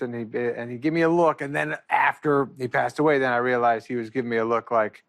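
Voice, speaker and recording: Gravelly man reminiscing casually. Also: medium pitch. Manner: relaxed, halting, repeats words.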